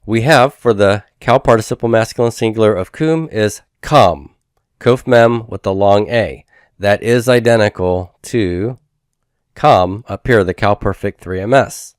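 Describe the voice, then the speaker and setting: A man with a low, smooth, resonant voice teaches grammar in a recorded lecture. He works through each form methodically, saying words slowly and often asking "okay?" The sound is close and dry. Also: no room sound. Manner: methodical, repeats forms slowly with frequent "okay?".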